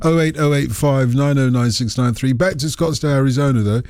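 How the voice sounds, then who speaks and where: A man's voice: medium pitch, fairly quick, a little mellow. A man hosting a radio phone-in show, playful and teasing with his guests in casual chat.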